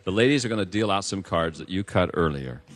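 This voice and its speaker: A man hosting a TV game show, excitable and teasing, shouting out the results and joking with the contestants. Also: low-pitched, fast talker. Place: TV studio with audience.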